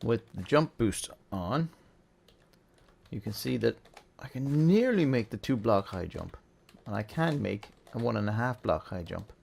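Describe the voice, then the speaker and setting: A man hosting a relaxed, chatty game tutorial, thinking aloud as he plays. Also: on the low side, measured pace, vocal fry. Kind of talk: casual gameplay tutorial.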